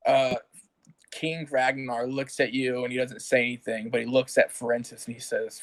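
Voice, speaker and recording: A man narrates as game master for a tabletop game played over a voice call. His voice sits at a middle pitch. He tells the scene in a loose, casual way, with fillers and restarts. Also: level tone, normal speed. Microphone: home mic on a voice call.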